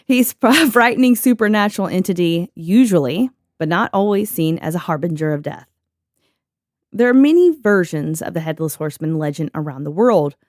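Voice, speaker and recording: A woman's voice: on the low side, no echo, studio quality. A young woman co-hosting a podcast in a casual, joking way, reading from notes and laughing often. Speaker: podcast co-host.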